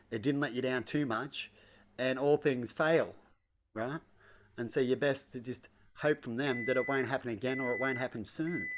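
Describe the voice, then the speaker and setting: Man, casual home vlog monologue, wandering and repetitive. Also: medium pitch. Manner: loose, repetitive, tags lines with "right?". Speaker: vlogger. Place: at home indoors.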